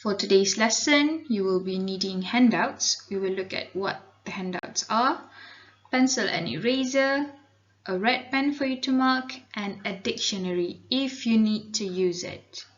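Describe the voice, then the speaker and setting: A woman's voice: medium pitch, unhurried, lo-fi sound. A woman teacher with a Malaysian accent giving a recorded English lesson to children, explaining patiently and mixing in Malay words. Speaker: primary school English teacher.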